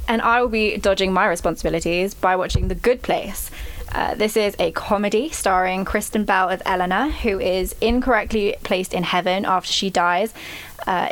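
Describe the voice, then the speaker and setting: A young British woman co-hosting a podcast, chatting casually with a dry, teasing wit. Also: medium pitch. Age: young adult. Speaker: podcast co-host. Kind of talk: casual chat.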